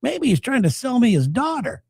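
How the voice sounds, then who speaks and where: A man's voice: extremely high pitch, big pitch swings, normal speed, vocal fry, a little mellow, husky, dry recording, studio quality. A man co-hosting a casual podcast chat, speaking hesitantly with many restarts. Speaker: podcast co-host.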